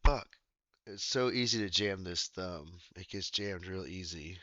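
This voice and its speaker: Slow, bright-voiced rambling man. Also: sits low, no room sound, muffled recording. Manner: meandering, self-interrupting, with sudden loud exclamations. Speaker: streamer. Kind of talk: rambling casual chat while gaming.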